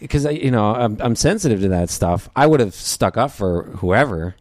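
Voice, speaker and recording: Man, podcast guest, fairly low voice, dry close sound, rambling casual talk. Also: expressive, moderate pace, no echo. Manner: loose, rambling, many fillers. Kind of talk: casual interview chat.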